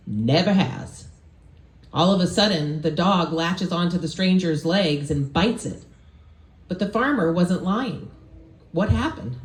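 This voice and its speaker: A guest at a porch concert poses riddles to the group in a casual way and then confirms the answers. Their delivery is slow and easy. The voice carries an echoey, roomy sound. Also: medium pitch. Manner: casual, quizzing the listeners with riddles. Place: porch, outdoors.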